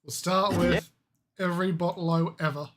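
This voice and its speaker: A man's voice: high voice, fairly even intonation, moderate pace, fairly bright tone. A man with an Australian accent, a streamer giving casual reaction commentary, joking and sweary.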